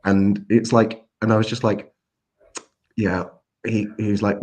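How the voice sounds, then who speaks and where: A man's voice: on the low side, fairly even intonation, moderate pace, long pauses, darkish tone. A man co-hosting a podcast, telling an anecdote in casual chat, with a rambling, hesitant delivery full of ums. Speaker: podcast co-host.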